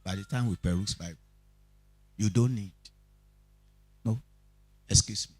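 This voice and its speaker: A man's voice: on the low side, moderate pace, pauses often, slightly rough, no echo. A man with a Nigerian accent, teaching a Bible study, who keeps asking his listeners questions and tells stories with energy. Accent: Nigerian, Yoruba-speaking. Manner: preachy, asks the audience questions, animated storytelling. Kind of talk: teaching sermon.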